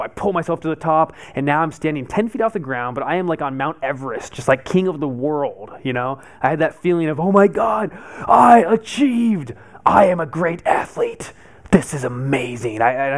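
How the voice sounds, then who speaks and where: Man telling a lively personal story. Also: mid-range voice. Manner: animated storyteller acting out his own past panic. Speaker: meetup speaker. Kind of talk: personal story told to a live group.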